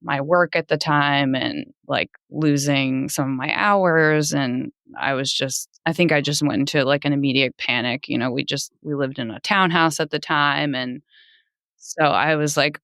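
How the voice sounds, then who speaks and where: A woman in her thirties, a podcast guest, telling a personal story in an animated way, laughing often and jumping high when she quotes people. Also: normal speed, no room sound, clean studio sound.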